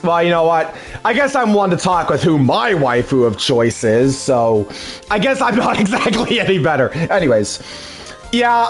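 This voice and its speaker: An excitable young man rants through casual let's play commentary, swearing freely. His voice is high and swings widely in pitch. Faint music plays behind him. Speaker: let's play host dubbing a game.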